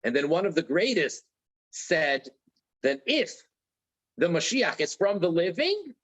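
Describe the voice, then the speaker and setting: A man's voice: a little high, sing-song, unhurried, a bit bright, rough recording. A man teaching a religious lecture in an earnest way, repeating key phrases for emphasis.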